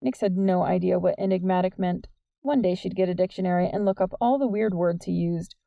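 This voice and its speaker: A woman narrating a young adult novel as an audiobook in a steady, measured way. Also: fairly low pitch, gravelly, dry recording, highs cut off. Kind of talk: scripted narration.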